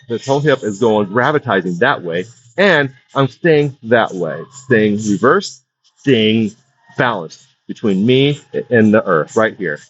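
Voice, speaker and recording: A man's voice: medium pitch, husky. A man leading a stretching session, coaching in a loose, casual way and repeating his cues about breathing and balance. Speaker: wellness instructor. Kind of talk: guided stretching class. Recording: dull lo-fi dry sound.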